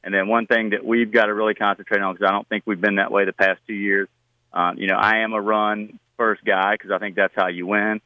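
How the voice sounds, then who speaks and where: Man, middle-aged, football coach, radio interview, low voice, dull lo-fi line, dry, plain-spoken. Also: brisk, dry recording. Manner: relaxed, plain-spoken, many fillers and restarts. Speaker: high school football coach.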